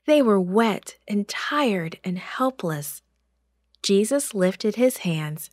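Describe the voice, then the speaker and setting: A woman narrating a Bible story for children in a slow, clear and expressive way. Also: medium pitch, no room sound, studio quality.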